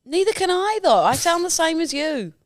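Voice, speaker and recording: A woman with a New Zealand accent co-hosting a podcast, easygoing and quick to banter. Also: very high voice, very animated, dry recording, clean studio sound. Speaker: podcast co-host. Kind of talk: casual podcast chat.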